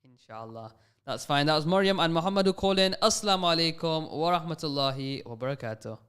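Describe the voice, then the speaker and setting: A man hosts a live radio phone-in from the studio, coaxing young callers along with patient encouragement. His voice is smooth and resonant and sits a little higher than most men's. He drops devotional phrases between his questions. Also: animated, quick pace, fairly bright tone. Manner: sprinkles Islamic phrases through his talk. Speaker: radio call-in host.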